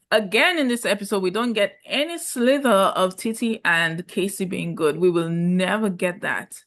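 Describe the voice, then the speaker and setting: A woman's voice: medium pitch, fairly bright tone. A young woman giving sassy, emphatic commentary on a reality show, repeating words for effect. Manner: sassy, emphatic, drawn-out repetitions. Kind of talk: casual opinionated commentary.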